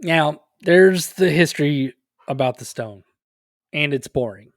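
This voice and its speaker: Male podcast co-host, jokey and goofy, slightly high voice, dry sound. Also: unhurried, no room sound. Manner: joking, laughs often, goofy asides. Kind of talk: casual chat.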